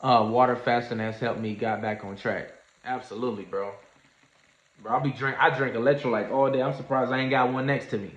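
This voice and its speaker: A man telling a story in a casual livestream, animated and slangy, acting out what others said. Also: medium pitch, brisk. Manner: animated storyteller, acts out quoted voices, Southern US slang. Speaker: trading streamer. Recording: echoey room, dull lo-fi sound.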